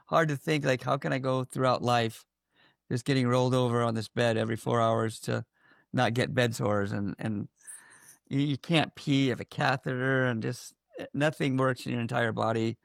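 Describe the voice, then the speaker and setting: A man giving a candid personal account in an interview, halting, with many fillers and restarts. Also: mid-range voice, fairly even intonation, vocal fry, dry recording, studio quality.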